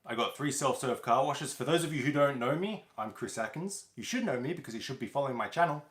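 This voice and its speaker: A man's voice: mid-range voice, expressive, fast, fairly bright tone. Rambling man in an echoey room. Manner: loose, rambling, with many fillers. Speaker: host of a car wash business channel. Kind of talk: casual livestream chat. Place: home.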